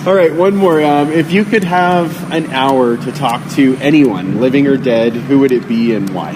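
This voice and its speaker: A man's voice: mid-range voice, normal speed, noisy background. A man hosting a podcast interview, reacting with enthusiasm and praise. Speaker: podcast host. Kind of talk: casual interview.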